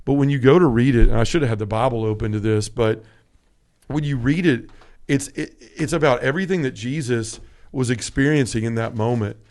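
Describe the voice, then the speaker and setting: A man's voice: medium pitch, brisk, a little mellow. A man hosting a casual conversational podcast, speaking in an earnest, heartfelt way with frequent restarts and self-corrections. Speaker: podcast host.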